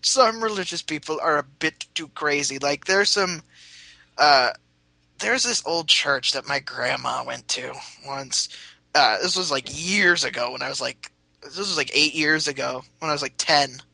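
A man's voice: on the high side, unhurried, gravelly, sharp tone, dry recording, rough recording. A young man casually telling a rambling, sweary story and laughing as he goes.

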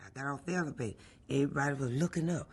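A middle-aged mail carrier recalls a personal story in a lively, animated way and acts out what people said. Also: medium pitch, rapid-fire, slightly rough. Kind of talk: personal recollection, oral history.

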